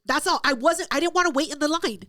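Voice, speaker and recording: A woman tells a rowdy story on her podcast, loud and full of swearing as she acts out every voice. Her voice sits a little high. The sound is close and dry, with no room around it. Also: fast talker, no echo. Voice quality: loud, profane, animated retelling with acted-out quotes. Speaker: podcast co-host. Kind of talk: casual storytelling chat.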